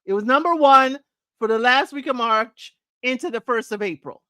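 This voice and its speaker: A woman's voice: on the high side, moderate pace, sharp tone, dry recording. Chatty woman with a dry close sound. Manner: chatty, laughing, half-sings song lines. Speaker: podcast host. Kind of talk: casual chat reviewing old chart songs.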